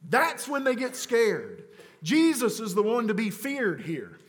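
Pastor guy preaching, kinda high voice, goes loud then drops real quiet, big echo tail. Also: wildly swooping pitch. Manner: emphatic preaching, swinging from loud urgent declarations to low, slow, quiet stresses; casual asides mixed with scripture teaching. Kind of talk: sermon.

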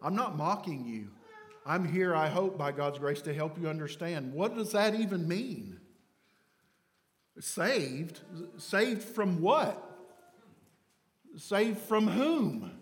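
A man preaching a sermon, swinging from loud emphatic phrases to hushed low words. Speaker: pastor. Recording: long hall reverb.

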